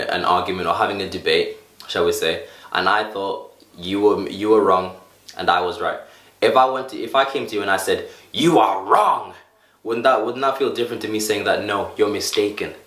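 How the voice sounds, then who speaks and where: A man's voice: on the low side, a bit bright, echoey room. A man coaching viewers on how to feel better, talking animatedly, repeating phrases and acting out examples. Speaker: self-help coach. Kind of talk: motivational talk to camera.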